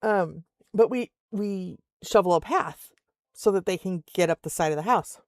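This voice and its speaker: Chatty older woman with a gravelly voice. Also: lowish voice, normal speed, no room sound. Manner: chatty storyteller, laughs often, acts out voices. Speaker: streamer. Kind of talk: casual chat while gaming. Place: home in Alaska.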